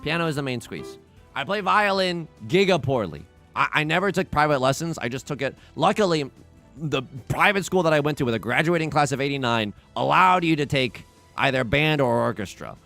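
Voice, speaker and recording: Young male streamer, gravelly and animated, rambling casual banter over faint background music. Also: fairly high pitch, a little fast. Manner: rambling, self-mocking, with many restarts. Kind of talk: casual livestream chat while playing.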